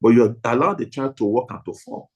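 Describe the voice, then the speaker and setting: Emphatic husky man teaching pastors. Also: medium pitch, expressive, fairly quick, a little mellow, lo-fi sound. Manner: emphatic, repetitive, stresses single words. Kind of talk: training talk to pastors.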